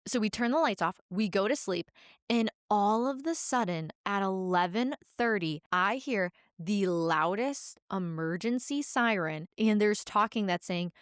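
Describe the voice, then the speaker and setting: A woman's voice: medium pitch, animated, measured pace, fairly bright tone, clear, resonant tone, dry recording, studio quality. A woman hosting a podcast, telling a story in a chatty, casual way with many filler words. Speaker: podcast host.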